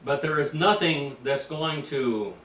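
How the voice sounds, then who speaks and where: An older man, a preacher, teaching Greek in a rambling, anecdotal way, clearing his throat now and then. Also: on the high side, measured pace, fairly bright tone. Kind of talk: informal teaching sermon. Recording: echoey room, mic at a distance, faint background noise.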